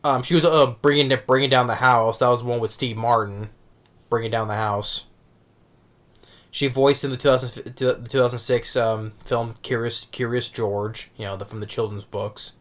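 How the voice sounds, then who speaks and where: A man talking casually as a movie reviewer, halting with many restarts and fillers. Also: medium pitch, fairly even intonation, fairly bright tone. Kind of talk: casual vlog talk.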